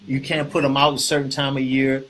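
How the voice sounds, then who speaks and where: A man hosting a casual real estate talk, animated and preachy, often repeating himself and asking the viewers questions. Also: mid-range voice, brisk. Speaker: host.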